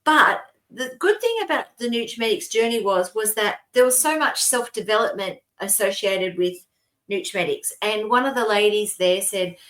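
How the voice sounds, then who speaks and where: An Australian woman in middle age co-hosts a relaxed podcast. She tells long personal stories in a meandering, chatty way, often breaking into laughter as she goes. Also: medium pitch, moderate pace. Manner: rambling storytelling with frequent laughs. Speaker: co-host. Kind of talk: casual podcast chat.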